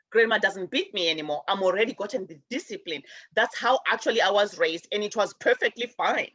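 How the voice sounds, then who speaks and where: Animated woman telling stories, lo-fi. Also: medium pitch, a little fast, few pauses, slightly rough, no room sound. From raised in a village outside America. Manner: animated storytelling, acts out relatives' voices. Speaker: show host. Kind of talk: spiritual talk show monologue.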